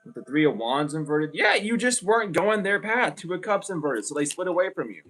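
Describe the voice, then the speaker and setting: A man's voice: high voice, very animated, brisk, a bit bright, a little hiss or hum. Profane, rambling young man reading tarot. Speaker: tarot reader.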